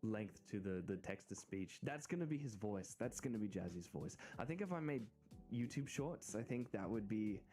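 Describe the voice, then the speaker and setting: A man's voice: fairly low pitch, expressive, moderate pace, mellow. An American man streaming, chatting casually and rambling with frequent restarts and giggles. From United States. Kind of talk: casual live-stream chat. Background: faint background music.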